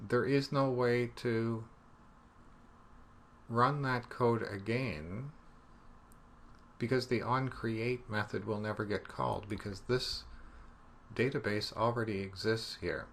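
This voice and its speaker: A man teaching programming in a relaxed screencast, thinking aloud as he debugs and joking about his own mistakes. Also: on the low side, vocal fry, slight background noise. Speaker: programming instructor. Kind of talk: screencast coding tutorial.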